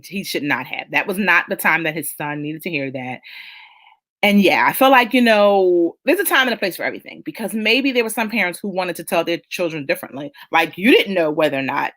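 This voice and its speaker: A woman's voice: on the low side, a bit bright. Chatty woman hosting a live talk stream. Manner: conversational, emphatic, reads out viewer comments. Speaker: host of a live chat show. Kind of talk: casual live-stream chat.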